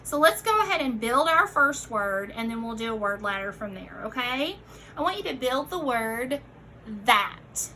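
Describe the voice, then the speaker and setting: A young woman teacher leading a recorded phonics lesson for children, giving slow, clearly enunciated prompts and calling her listeners friends. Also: fairly high pitch, very animated, sharp tone, slight background noise, poor audio. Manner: encouraging, addresses listeners as friends.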